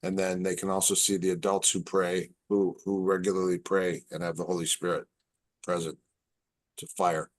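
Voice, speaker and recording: A man with a low voice tells a story, animated and halting. He starts phrases over and repeats words, and he sounds like a podcast guest chatting casually. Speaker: martial arts instructor, podcast guest.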